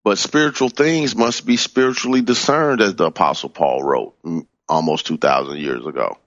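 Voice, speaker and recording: A man teaching in a sermon style, stressing key words by swooping up in pitch and repeating phrases. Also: moderate pace, fairly bright tone, no echo, dull audio. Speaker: minister teaching from a book.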